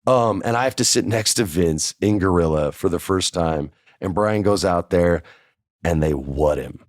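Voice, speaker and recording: A man's voice: low-pitched, moderate pace, no room sound, clean studio sound. A man hosting a podcast, telling a casual first-person story in a chatty way and acting out the dialogue. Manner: chatty, acts out quoted dialogue. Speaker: podcast host.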